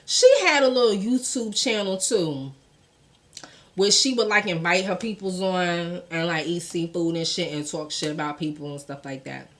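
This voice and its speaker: A woman's voice: on the low side, normal speed, fairly bright tone. A woman hosting a casual gossip commentary show, blunt and profane, talking in with laughing asides.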